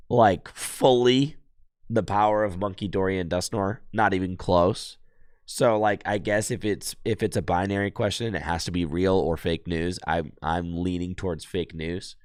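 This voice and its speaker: A man hoarse from losing his voice, chatting casually to his live-stream viewers as he plays a card game and thinks aloud. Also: deep voice, dry recording, studio quality.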